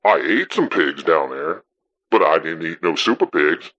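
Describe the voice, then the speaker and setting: A man's voice: rumbling low, expressive, measured pace, fairly bright tone, exaggerated voice. A man playing a skeptical radio caller who dismisses the farmer bluntly and swears casually. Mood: scoffing. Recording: dull, muffled audio.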